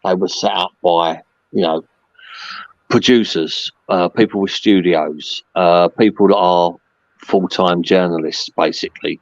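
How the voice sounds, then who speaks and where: Man, deep low voice, rambling casual chat, dry dull lo-fi audio. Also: steady tone, a little slow, no echo. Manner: rambling, chatty, lots of fillers. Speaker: podcast guest, merchandise seller.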